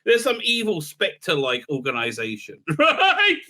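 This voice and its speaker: Bright-voiced man, lively rambling commentary. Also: high-pitched, a little slow. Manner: rambling and sarcastic, laughs often. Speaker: rabbi and political commentator. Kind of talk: casual commentary monologue.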